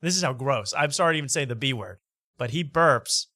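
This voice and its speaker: A man's voice: mid-range voice, expressive, fairly quick, bright, forceful tone, dry recording, studio quality. A man hosting a comedic late-night talk show, rambling and mocking as he halts on fillers.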